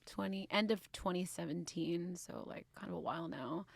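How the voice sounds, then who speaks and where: A woman talking about her writing work as a podcast guest, chatty and quick to laugh. Her voice sits on the low side for a woman, recorded close and dry. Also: big pitch swings, vocal fry, no echo. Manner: laughs easily, chatty and playful. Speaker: podcast guest, comic book writer. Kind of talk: casual podcast chat.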